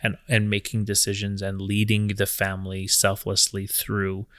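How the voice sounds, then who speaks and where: A man in his thirties co-hosting a casual talk about marriage, calm and even-toned, thinking aloud with restarts. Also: lowish voice, normal speed, dry recording, studio quality. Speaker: podcast co-host.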